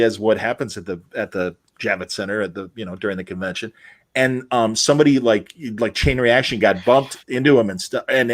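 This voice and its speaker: Animated man telling funny stories. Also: mid-range voice. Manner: animated storyteller, acts out voices. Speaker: podcast co-host. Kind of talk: casual chat.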